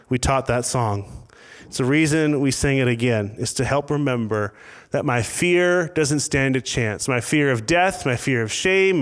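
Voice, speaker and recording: A man's voice: medium pitch, clean tone, big-room sound. A pastor delivering a conversational sermon, often restarting his sentences and acting out the prayers and the lines he quotes. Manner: conversational preaching with frequent restarts and acted quotes.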